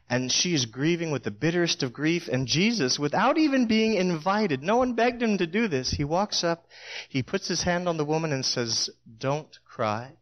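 A middle-aged man preaching a sermon in a church, telling stories with lively acted-out quotes. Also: on the high side. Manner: storytelling, animated, acts out voices in quotes.

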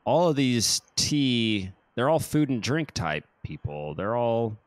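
A man with an American accent co-hosting a podcast in casual chat, animated and quick to laugh. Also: medium pitch, slight background noise. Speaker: podcast co-host.

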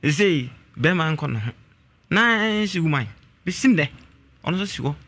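Animated man caller. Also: on the high side, moderate pace, dry recording. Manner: hesitant, full of "eh" fillers. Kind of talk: telling a family story on a call-in.

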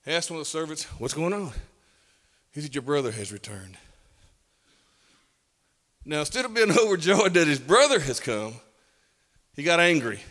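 A pastor preaching with a bright, lively voice that climbs and drops across a wide range. His folksy, emphatic delivery carries a long reverb through the church. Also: fairly high pitch, normal speed, long pauses. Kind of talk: sermon. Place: church sanctuary.

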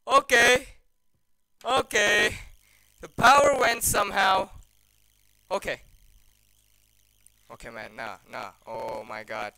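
Man, gamer, let's play commentary, slow-talking, gravelly, jumpy, hushed nervous mutters. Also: sits high, no room sound, low-quality recording. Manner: jumpy, excitable, drops to hushed mutters when scared. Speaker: gamer playing a horror game.

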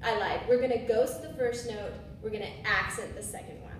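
In a room with a board, a woman casually teaches musicians swing phrasing, correcting herself and singing syllables to demonstrate. Her voice is a little high, fairly quick, with fairly even intonation. The echoey room and faraway mic add slight background noise.

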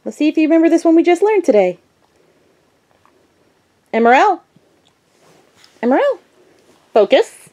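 Woman with a lively, singing voice. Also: extremely high pitch, moderate pace, long pauses. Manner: sing-song praise and firm short commands to a dog. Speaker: vlogger training her service dog. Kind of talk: casual vlog talk and dog commands.

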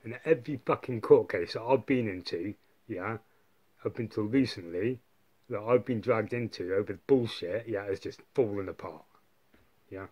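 Sweary low-voiced man rambling. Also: moderate pace, a little mellow, slightly rough. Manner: rambling, heavy swearing, many fillers and tag questions. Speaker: vlogger. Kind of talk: casual monologue.

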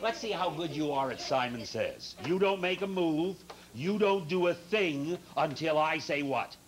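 High-voiced joking kids' TV host. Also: male voice, lively intonation. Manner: teasing, joking, quick asides. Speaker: children's TV show host. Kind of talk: playful banter leading kids in games. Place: TV studio with children.

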